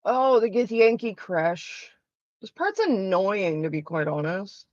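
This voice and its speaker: A woman's voice: mid-range voice, expressive, slow, a little mellow, no echo, lo-fi sound. A woman streaming from home, chatting casually while gaming, blunt and sarcastic with lots of swearing, coughing now and then from smoking. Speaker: live streamer.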